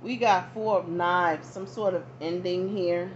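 Low-voiced woman giving a casual tarot reading. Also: steady tone, a little slow. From not from the American South. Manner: conversational, frequent asides and check-ins to viewers. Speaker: tarot reader. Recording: dull lo-fi audio, faint background noise.

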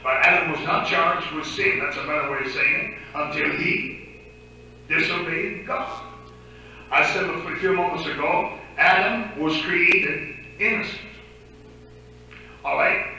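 A man preaches in a church, and his voice has a bright, forceful edge while it rings around the big room. His pitch sits a little high, and he talks with the congregation in a casual way, checking in and taking their questions. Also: measured pace, a little hiss or hum. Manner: conversational, asks the congregation questions. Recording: echoey church sanctuary.

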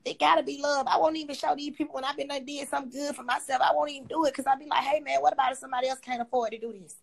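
A woman's voice: high voice, fairly even intonation, racing, creaky. A young woman hosting a casual livestream chat, talking bluntly and profanely as she rants at her critics. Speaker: livestream host.

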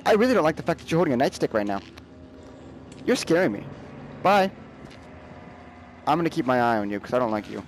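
A man's voice: medium pitch, very animated, brisk, pauses often, a little hiss or hum. A young man giving let's play commentary, jumpy and nervous, talking back to the game's characters. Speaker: gamer.

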